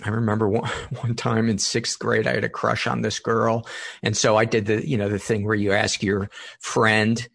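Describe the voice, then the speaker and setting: Low creaky-voiced man interviewing. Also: flat delivery, a bit bright, dry recording. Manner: thoughtful, halting, many restarts. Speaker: podcast host. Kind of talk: conversational interview.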